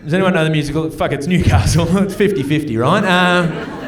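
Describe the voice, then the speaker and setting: An Australian man in his forties, with a rather high voice, works a comedy club crowd through a chatty, profane stand-up set at a brisk pace. He sounds off-mic from some distance, and the room gives a clear echo, a roomy live club sound.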